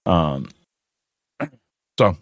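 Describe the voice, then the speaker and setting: Extremely slow and rumbling low, this man's voice comes through a dry, clean studio recording. As a podcast co-host in casual conversation, he wanders through lengthy stories thick with fillers.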